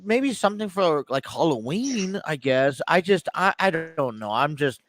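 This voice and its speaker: A man's voice: fairly high pitch, big pitch swings, a little slow, fairly bright tone, a little hiss or hum. A man co-hosting a casual sports talk show, rambling with many restarts and hesitations. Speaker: co-host. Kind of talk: casual chat.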